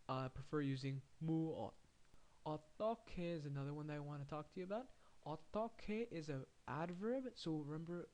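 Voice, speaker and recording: A man's voice: a little high, darkish tone. Man teaching a language lesson. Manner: explains step by step, repeats example phrases slowly. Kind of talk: casual recorded language lesson.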